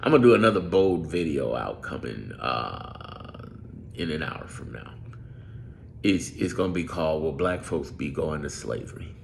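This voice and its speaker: Man, very low with gravel in the voice, emphatic off-script commentator, faint noise underneath. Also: lively intonation, normal speed. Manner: emphatic, drawls, repeats phrases. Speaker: political commentator. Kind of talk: off-script direct-to-camera commentary.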